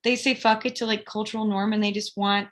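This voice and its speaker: A woman co-hosting a podcast in an easy, chatty recap. She gushes and stresses her points, slipping now and then into mocking voices. Her pitch sits in a plain middle range. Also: little pitch movement, fairly quick. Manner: gushing, emphatic, mimics people in silly voices. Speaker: podcast co-host. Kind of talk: casual reality-show recap chat.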